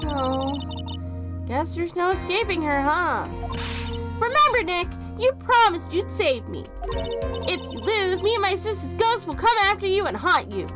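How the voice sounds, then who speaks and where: A woman's voice: very high voice, sing-song, unhurried, voice pushed up, exaggerated voice. A woman voicing a sweet, earnest little girl, childlike in manner, over game music.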